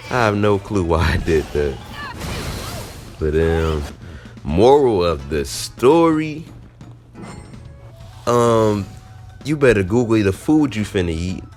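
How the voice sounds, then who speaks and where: A man vlogger casually telling a personal story, animated and slangy. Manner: animated, slangy, jumps into high squeaky reenactments.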